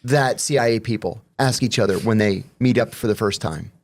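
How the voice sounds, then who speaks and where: A man who is a former intelligence officer, telling anecdotes as a guest in a measured, explanatory way. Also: lowish voice. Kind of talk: conversational anecdotes.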